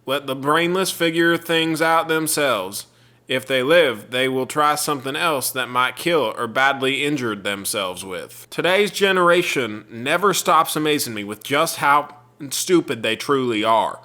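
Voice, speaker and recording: A man putting on a southern accent to voice scornful redneck commenters, loud, drawn-out and mocking. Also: medium pitch, lively intonation. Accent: Southern US, put on.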